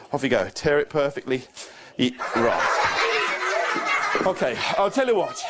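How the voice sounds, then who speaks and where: A man's voice: high voice, noisy background. A man performing a children's magic show, coaxing a young volunteer with playful, mock-confused patter.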